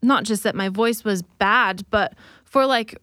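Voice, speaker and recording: A woman's voice: mid-range voice, unhurried, a bit bright, no echo, clean studio sound. A woman who leads worship, speaking earnestly and reflectively in a faith conversation, sometimes acting out remembered dialogue. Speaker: worship leader.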